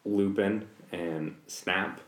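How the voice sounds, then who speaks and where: A man's voice: sits low, fairly even intonation, very slow. A man co-hosting a comedy podcast, talking in a wry, rambling way with lots of "like" and "you know". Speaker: podcast co-host. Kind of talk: casual comedic chat. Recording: roomy echo.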